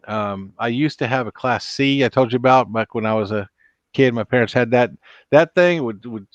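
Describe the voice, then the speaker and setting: A man's voice: medium pitch, no room sound, dull audio. A man hosting a late-night live stream, chatting casually and rambling through road stories and corny jokes. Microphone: computer mic.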